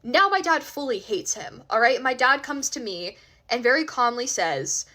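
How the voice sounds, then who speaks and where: Young woman, slightly high voice, casual storytime vlogger, emphatic and exasperated. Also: animated, moderate pace, pushed and bright.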